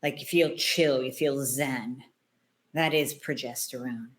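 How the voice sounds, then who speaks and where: A woman's voice: extremely low pitch, steady tone, measured pace. A woman hosting a solo health podcast, talking in a blunt, emphatic, conversational way. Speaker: podcast host, hormone doctor.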